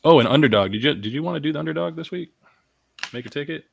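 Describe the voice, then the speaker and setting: A man's voice: a little high, expressive, fast, creaky, no echo. A man co-hosting a casual sports podcast, talking in a hesitant way full of fillers. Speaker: podcast co-host.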